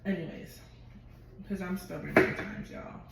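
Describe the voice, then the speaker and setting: A woman vlogger telling a personal story in a chatty, expressive way and swearing freely. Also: lowish voice, normal speed, vocal fry, far from the mic. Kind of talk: casual storytelling to camera. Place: at home. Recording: very echoey room, voice from afar, noisy.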